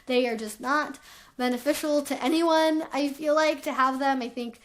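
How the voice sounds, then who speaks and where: A woman's voice: sits high, normal speed, a little hiss or hum. A woman hosting her own channel, talking in a frank, chatty way with lots of casual fillers. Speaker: channel host. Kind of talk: candid conversational vlog talk.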